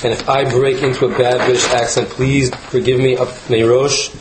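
A man's voice: mid-range voice, flat delivery, moderate pace, background noise. American guy joking around through a class, filler words everywhere, echoey room. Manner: joking, self-deprecating, rambling with fillers. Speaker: visiting rabbi giving a class. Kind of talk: humorous casual Torah lecture. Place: lecture room with live audience.

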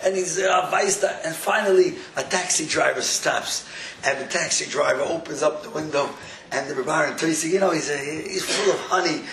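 Animated man with a tinged lilt. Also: on the high side, moderate pace, creaky, reverberant, slight background noise. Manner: animated, laughing, mixes Yiddish and Hebrew words. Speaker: Jewish inspirational speaker. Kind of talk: storytelling sermon.

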